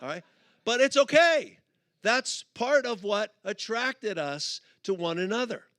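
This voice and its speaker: A middle-aged man giving a humorous sermon at a conference, telling stories and acting out both sides of a couple in quick put-on voices. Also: sits high, expressive, sharp tone, no room sound. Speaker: conference speaker. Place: conference auditorium.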